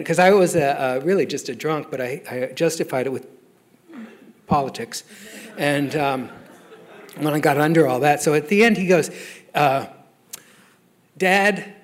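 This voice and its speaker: A middle-aged man telling a wry personal recovery story, self-mocking and often laughing as he speaks. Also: a little high. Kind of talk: personal testimony talk.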